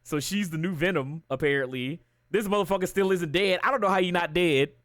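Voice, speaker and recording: Slightly high-voiced, profane ranting man. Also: brisk, dry recording, studio quality. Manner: profane, ranting, animated storytelling. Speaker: livestreamer. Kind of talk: casual chat.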